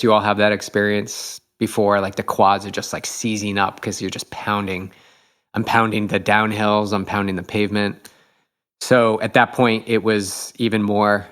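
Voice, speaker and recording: A man's voice: fairly low pitch, fairly bright tone. A middle-aged man, a podcast host, telling a race story in casual chat, eager and reflective, with many fillers.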